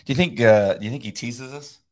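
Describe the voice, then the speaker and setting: A middle-aged man chatting casually about faith, rambling with many halting restarts and frequent laughs. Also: medium pitch. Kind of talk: casual conversation.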